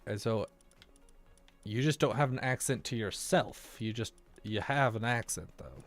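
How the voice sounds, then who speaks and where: A man's voice: fairly low pitch, measured pace, soft background music. An American man chatting casually through a let's-play, rambling from thought to thought and talking to the game's characters. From United States. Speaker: gaming video creator.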